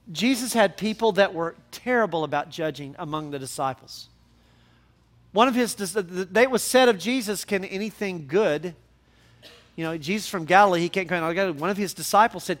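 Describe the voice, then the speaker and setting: A man's voice: high-pitched, lively intonation, a little fast, fairly bright tone. A man preaching a sermon as pastor, speaking conversationally and rising to emphatic peaks.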